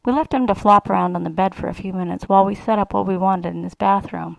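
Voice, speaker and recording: Gravelly woman reading an erotic story. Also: mid-range voice, fairly even intonation, fast, no room sound, poor audio. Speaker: reader.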